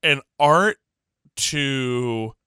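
A man co-hosting a podcast in casual chat, animated and laughing often as he acts out quotes. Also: medium pitch, extremely slow, clean tone, dry recording, studio quality. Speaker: podcast co-host.

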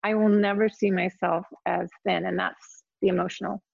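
Gravelly-voiced woman chatting, dry muffled sound. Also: fairly low pitch, flat delivery, dry recording. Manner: chatty, quick to chime in. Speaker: guest. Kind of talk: casual interview talk.

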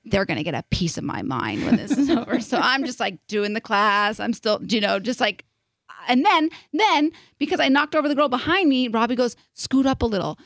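Young woman podcast host rambling through a story, kinda high voice, super dry mic. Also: a little fast, no room sound. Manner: animated, filler-heavy storytelling with "like". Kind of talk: casual storytelling chat.

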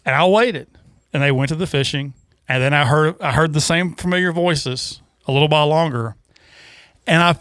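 A man co-hosting a casual fishing talk show, animated and rambling, with many restarts. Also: fairly high pitch, normal speed, no room sound. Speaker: co-host.

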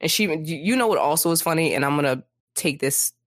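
A woman co-hosting a casual book discussion podcast, animated, acting out characters in quick asides. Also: sits low, no room sound, studio quality. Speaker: podcast co-host.

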